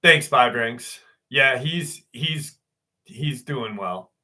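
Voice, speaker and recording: A man hosts a live stream and tells a rambling story in an unhurried, drawn-out way. His voice is bright and forceful, and he swears and laughs often between lines. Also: medium pitch, lively intonation. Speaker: host. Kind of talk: casual live-stream chat.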